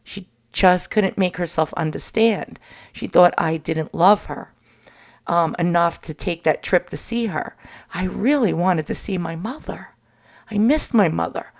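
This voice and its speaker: A woman in her forties speaks in a low voice, sharing a personal story in a candid vlog monologue. Her delivery is halting and emotional, broken by pauses and fillers. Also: gravelly, a little mellow. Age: 40s.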